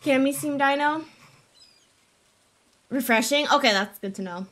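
Playful young woman streamer, slow talker. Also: high-pitched, fairly bright tone. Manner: playful and chatty, talking to chat, bursting into gasps and silly sounds. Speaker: game streamer. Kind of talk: casual live-stream chat while gaming.

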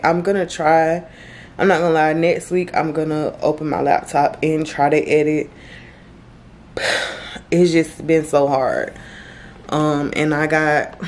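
A woman in her late twenties, a vlogger, talking tearfully and haltingly to camera about her grief, with many fillers and restarts. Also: sits low, a little hiss or hum. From Florida, US. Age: late 20s. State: grieving, tearful. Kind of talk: tearful direct-to-camera vlog talk. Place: indoors, on her bed.

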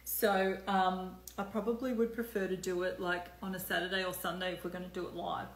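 A woman's voice: fairly low pitch, flat delivery, a little fast, reverberant, slight background noise. A woman hosting a casual live stream, chatting loosely with lots of fillers and the odd swear word.

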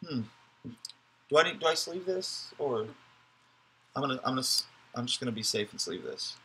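A man's voice: medium pitch, expressive, normal speed, bright, forceful tone, a little hiss or hum. A man hosting a live card break, giving chatty, joking running commentary as he opens packs.

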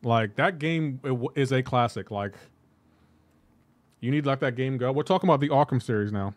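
A gaming livestreamer chats loosely with his viewers while he plays, talking back to them and filling his speech with "like." His mid-range voice is brisk, and there's no echo.

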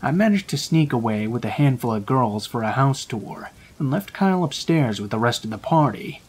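A man reading a true scary story aloud in a calm, measured storytelling voice. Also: medium pitch, a little hiss or hum. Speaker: narrator. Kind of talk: scripted horror story narration.

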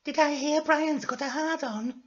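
A man voicing a nosy, cheeky young girl with a high, crudely teasing manner, on a dull lo-fi recording. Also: fairly even intonation, measured pace.

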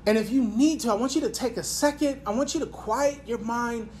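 A woman's voice: on the high side, brisk, darkish tone, a little hiss or hum. A woman pastor preaching a sermon and praying aloud, earnest and repeating phrases for emphasis. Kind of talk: sermon with prayer. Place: church. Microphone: reading from an iPad.

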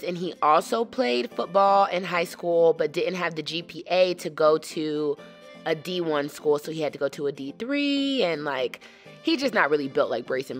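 A woman's voice: lowish voice, pushed and bright. An American woman in her thirties, a mom chatting playfully to her viewers in a casual vlog at an outdoor youth football field. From United States. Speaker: vlogger and mom.

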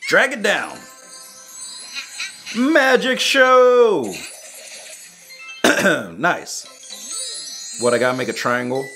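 A man's voice: medium pitch, huge pitch swings, slow, gravelly, long pauses, sharp tone. A young man chats through a phone game with playful, mocking reactions and silly sound effects. His voice sits mid-range but jumps around a lot, with light music under it. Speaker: YouTuber playing a mobile game. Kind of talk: casual gameplay commentary.

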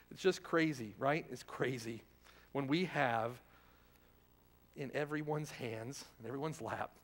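Male pastor, sermon, pitched a bit high, punchy rhetorical questions, long church reverb. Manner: emphatic, rhetorical questions, swings from loud to hushed. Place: church sanctuary.

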